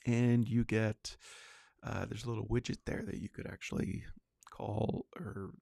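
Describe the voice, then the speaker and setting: Gravelly low-voiced guy rambling thru his podcast update, dry close sound. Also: steady tone, unhurried, darkish tone, dry recording. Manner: rambling, chatty, many fillers and restarts. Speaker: podcast host. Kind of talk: casual solo livecast chat.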